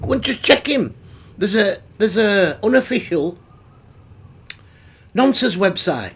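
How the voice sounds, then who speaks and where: A man's voice: high voice, very animated, slow pace, breathy edge. A middle-aged man, ranting through a commentary vlog, swearing freely and exasperated. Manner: sweary, exasperated, laughs between remarks. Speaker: YouTube commentary host.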